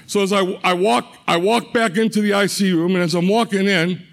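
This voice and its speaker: A middle-aged man with a notably high voice shares a personal faith testimony. He speaks earnestly and haltingly, circling back on words and restarting phrases as he tells his story. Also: steady tone, creaky, fairly bright tone.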